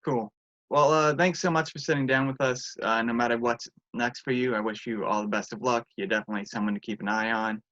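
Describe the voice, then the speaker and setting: A man's voice: medium pitch, fairly even intonation, fairly quick, a bit bright. A man interviewing a fighter, asking casual questions in an upbeat, easygoing way. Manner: upbeat, easygoing, laughs along. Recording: dull lo-fi sound.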